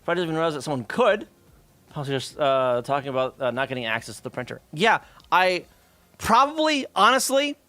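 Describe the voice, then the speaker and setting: A man's voice: a little high, sing-song, fairly quick, bright, forceful tone, no echo. A man streaming, telling a rambling workplace story in casual chat, full of profanity, fillers and asides.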